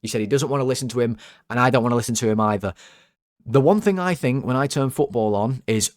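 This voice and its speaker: Excitable man ranting about football. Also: fast, no room sound, clean studio sound. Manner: excitable, swears, jokey rants with big pitch jumps. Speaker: fan channel host. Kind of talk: casual football ratings monologue. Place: home.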